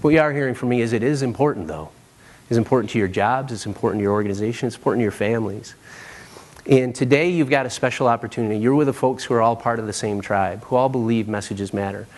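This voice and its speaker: A man in his thirties delivers a conference keynote from the stage, in a mid-pitched voice. He tells stories animatedly, acting out the lines of the people in them. He keeps checking in with the room with a quick "right?". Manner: animated, acts out quotes, frequent "right?". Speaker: keynote speaker.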